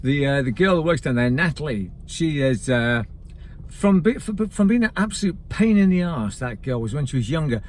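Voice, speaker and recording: A man's voice: a little high, expressive, moderate pace, darkish tone, slight background noise. A Scottish man in his fifties, rambling casually to camera as a vlogger and often digressing. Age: 50s. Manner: rambling, digressive, keeps calling viewers "folks".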